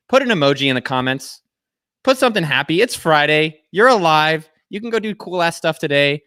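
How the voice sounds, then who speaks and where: Hyped American livestream host. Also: male voice, on the high side, quick pace, no echo, studio quality. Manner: energetic, jokey, rambling. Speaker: live show host. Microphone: video call.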